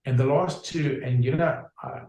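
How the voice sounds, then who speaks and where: A man describes his remedies in a conversational interview, stopping and restarting as he reaches for examples. His voice sits at a middling pitch, and the room around him is noticeably echoey. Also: normal speed, a little mellow. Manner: explains with homely examples, many fillers and restarts. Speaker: homeopath guest.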